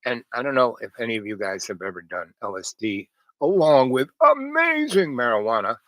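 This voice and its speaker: A man's voice: on the low side, expressive, fairly quick, no echo, poor audio. A man telling a long, rambling personal story in a casual way, full of fillers, restarts and quoted dialogue. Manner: meandering, many fillers and restarts, quotes others. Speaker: storyteller host.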